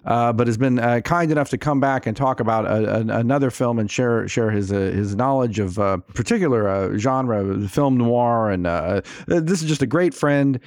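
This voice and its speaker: A man's voice: medium pitch, moderate pace, hardly any pauses, a little mellow, dry recording. A man co-hosting a podcast, chatting casually about old films. He talks in a rambling, wry way and stops and restarts his phrases often. His voice sits in a middle range and sounds close and dry on the mic. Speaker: podcast co-host. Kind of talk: casual film chat.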